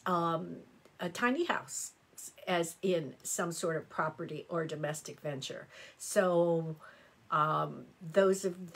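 A woman's voice: on the low side, fairly bright tone. A middle-aged woman reading horoscopes on a live stream, chatty and exclamatory, answering viewer comments as she goes. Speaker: astrology reader.

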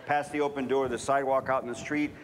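A man's voice: mid-range voice, little pitch movement, quick pace, slight background noise. Fervent storytelling male preacher. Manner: storytelling, rising to fervent shouting. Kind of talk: sermon.

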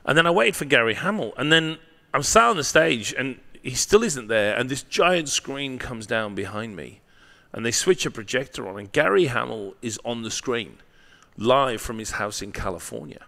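A man's voice: medium pitch, animated, normal speed, creaky, hardly any pauses, sharp tone. A man, a marketing professor guesting on an interview, telling a candid story with blunt swearing and frequent tag questions.

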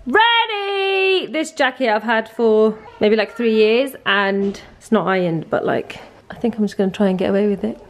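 A woman's voice: medium pitch, fairly even intonation, moderate pace. A woman vlogging in casual chat from a car, teasing and laughing often.

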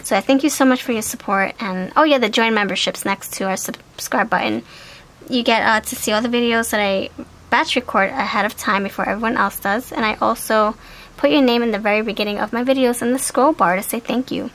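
A woman giving a casual, chatty tarot card reading, animated and talkative. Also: a little high, fairly quick, poor audio. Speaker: tarot reader.

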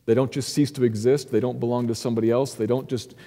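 Male pastor, mid-pitched and mellow, earnest sermon delivery with hushed-to-emphatic swings, reverberant sanctuary. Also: steady tone, fast. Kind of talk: expository sermon. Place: church sanctuary. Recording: echoey church hall.

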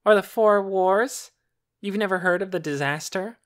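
A man's voice: sits high, moderate pace, fairly bright tone, voice pushed up. A man voicing a smug, self-important boy who talks in a precise, teacherly way in an audiobook. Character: smug know-it-all boy, superior. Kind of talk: audiobook character reading.

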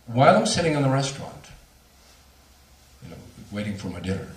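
A man, a speaker on near-death experiences, telling a story to a lecture audience with animated, laughing delivery. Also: mid-range voice, fairly quick, reverberant, recorded from a distance, a little hiss or hum. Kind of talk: storytelling at a talk.

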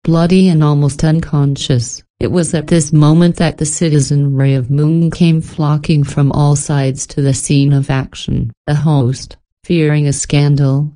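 A woman narrating a classic adventure novel as an audiobook, in an even, measured storytelling manner. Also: deep voice. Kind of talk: scripted narration.

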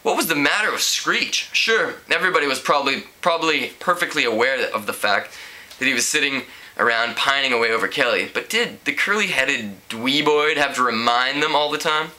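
A man's voice: medium pitch, a little fast, pushed and bright. A man casually reading a novel aloud, amused, with small slips. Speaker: reader.

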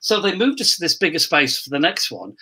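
An older man, a guest telling lively anecdotes and laughing often. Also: on the high side, brisk, slightly rough, poor audio. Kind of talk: casual reminiscing chat.

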